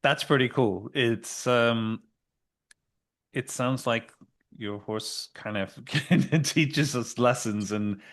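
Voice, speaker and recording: Slow, hesitant man hosting a podcast. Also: mid-range voice. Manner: unhurried, hesitant, with fillers. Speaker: podcast host. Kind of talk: casual interview chat.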